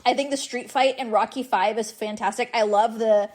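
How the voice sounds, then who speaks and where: A woman in her thirties telling stories in a casual podcast chat, animated and laughing often. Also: fairly high pitch, normal speed. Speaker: podcast guest.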